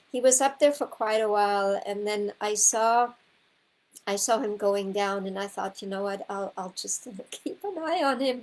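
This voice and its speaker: A woman's voice: medium pitch, darkish tone, low-quality recording. A woman horsemanship coach telling a personal story to her students in a rambling, heartfelt way, full of restarts and repeated words. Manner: rambling, heartfelt, with self-corrections; gets emotional, close to tears.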